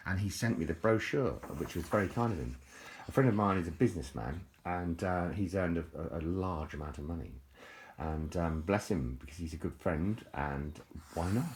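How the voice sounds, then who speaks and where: A man's voice: low voice, slight background noise. A middle-aged man, rambling in a casual, jokey video monologue with frequent restarts. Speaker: vlogger.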